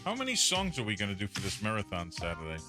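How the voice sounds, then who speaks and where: A man's voice: lowish voice, wildly swooping pitch, fast talker, over music. A man co-hosting a live stream, chatting casually and teasing his co-host with frequent laughs. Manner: joking, teasing banter, laughs often. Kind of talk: casual chat.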